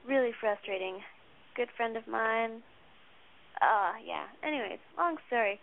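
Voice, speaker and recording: A young woman leaves a rambling, casual voicemail, trailing off as she talks. Her voice is fairly high. It comes through a tinny, thin phone line. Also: measured pace, vocal fry. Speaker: caller leaving a voicemail.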